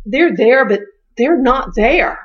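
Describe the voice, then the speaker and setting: A woman with a high voice tells family stories in an animated, chatty way. The sound is a little dull and lo-fi, like a modest podcast setup. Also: slow pace. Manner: animated storytelling, acting out family quotes. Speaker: co-host, parent speaker. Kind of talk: conversational podcast talk.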